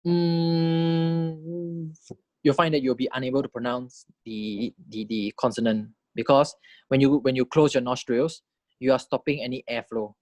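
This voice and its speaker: A man teaching a phonetics lesson, explaining consonant types in a patient, explanatory way, demonstrating sounds slowly and checking in with "right?" and "okay". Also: medium pitch, fairly even intonation, darkish tone, no room sound, highs cut off. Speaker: language teacher. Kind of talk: phonetics lecture.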